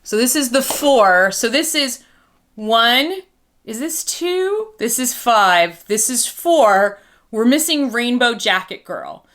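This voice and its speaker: Woman vlogger, doll reviews, goofy rambling chat, bright tone. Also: a little high, lively intonation, slow pace. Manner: chatty, goofy, rambling storytelling.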